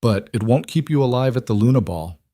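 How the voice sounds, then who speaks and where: A man's voice: medium pitch, expressive, fairly quick, warm tone, no room sound, studio quality, pitched above the performer's own voice, natural voice. A man voicing a huge, scarred male wolf alpha with a Southern US accent, blunt and menacing.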